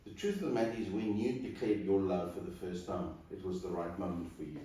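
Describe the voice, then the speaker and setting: A man's voice: low voice, fairly even intonation, brisk, dark tone. A man serving as wedding celebrant, giving an earnest, coaching talk directly to a couple before their wedding. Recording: echoey room, distant mic, faint noise.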